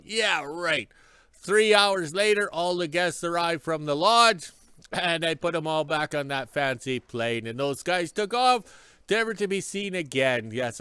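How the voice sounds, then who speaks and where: A man's voice: high-pitched, fairly bright tone, smooth, dry recording. A man telling a story in a casual vlog, chatty and stopping often for an emphatic "yes". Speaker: vlogger.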